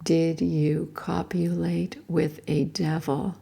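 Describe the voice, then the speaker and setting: A woman voicing a cold, relentless male interrogator in an audiobook, asking the same questions over and over in a low, slow, gravelly voice. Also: fairly even intonation, warm tone. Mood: demanding. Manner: repetitive, insistent questioning.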